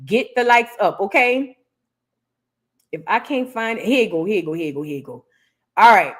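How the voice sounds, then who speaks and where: A woman's voice: medium pitch, animated, normal speed, husky. A woman who hosts a celebrity gossip reaction show and talks straight to her viewers in a chatty, casual way. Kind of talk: casual commentary.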